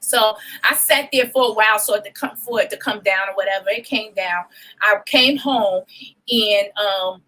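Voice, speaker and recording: A young woman co-hosting a casual chat show, telling a story in an animated, profane way and acting out the voices of people she quotes. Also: mid-range voice, moderate pace, rough recording. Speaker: podcast co-host.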